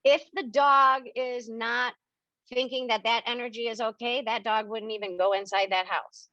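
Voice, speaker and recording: Her voice is fairly high, pushed and bright, with a steady tone and normal speed, as she hosts a spiritual Q&A for members over video call. The medium chats animatedly and dramatizes quoted exchanges. There's no room sound, and the call audio is dull and lo-fi.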